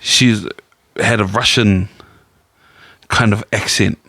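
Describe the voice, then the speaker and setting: A man's voice: on the low side, fairly even intonation, slow pace, sharp tone, no echo, clean studio sound. A man, co-hosting a podcast and telling a long rambling story in casual chat. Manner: rambling anecdotal storyteller, quotes people in his own voice. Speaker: podcast co-host.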